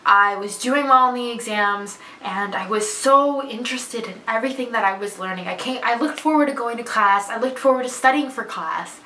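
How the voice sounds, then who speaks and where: A young woman vlogger telling a personal story in a chatty, candid, expressive way. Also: fairly high pitch, normal speed, few pauses, slight background noise. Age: young adult. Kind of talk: casual storytelling to camera. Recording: echoey room, voice a bit far from mic.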